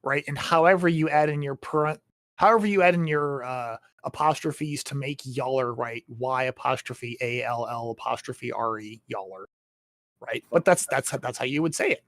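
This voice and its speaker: A man's voice: mid-range voice, moderate pace, fairly bright tone, no echo. A man in a casual chat about writing, explaining his points and often checking in with tag questions.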